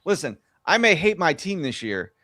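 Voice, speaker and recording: A man's voice: a little high, very animated, moderate pace, sharp tone, dry recording, studio quality. A man with a New England accent joking around casually on a podcast. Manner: laughs easily, loose joking talk. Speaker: podcast guest. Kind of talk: casual banter.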